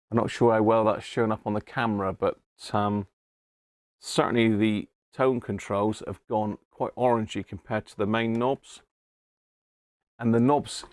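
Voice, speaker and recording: A man's voice: on the low side, darkish tone, no room sound, clean studio sound. Chatty southern English man on a livestream. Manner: chatty, chuckles often, answers viewers by name. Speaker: livestream host restoring vintage radios. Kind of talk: casual live-chat commentary. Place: home workshop.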